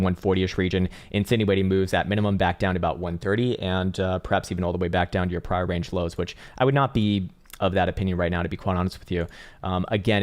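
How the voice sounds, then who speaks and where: Low-ish voiced guy rambling thru crypto charts on a stream, swearing, laughing, reading chat out loud. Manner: rambling, profane, laughs often, reads chat aloud. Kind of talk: casual live-stream chart analysis.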